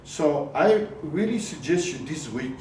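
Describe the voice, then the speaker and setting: Lively male business coach, higher voice, questions the room a lot, echoey room, heard from afar. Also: measured pace, far from the mic, slight background noise. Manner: lively, questioning the audience often; mixes in words of another language. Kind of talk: live coaching talk to a group.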